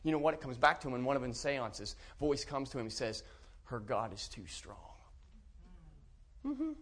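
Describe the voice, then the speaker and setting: A man preaching a sermon to a congregation. He talks emphatically and repeats and restarts his words, rising at times to loud preaching. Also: mid-range voice, big pitch swings, quick pace. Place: church.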